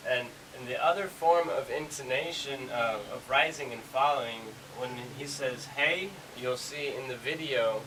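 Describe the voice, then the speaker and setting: A man teaches an English lesson, explaining in a loose, rambling way with plenty of fillers. His pitch sits in the middle range. The recording is hissy, with the mic set some distance away. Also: steady tone, measured pace, few pauses.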